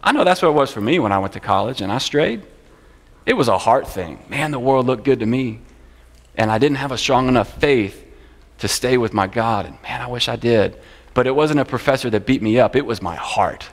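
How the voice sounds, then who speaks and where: A man's voice: mid-range voice, animated, a little fast. A man teaching a church class, speaking in an earnest, conversational way and often repeating phrases. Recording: long church hall reverb.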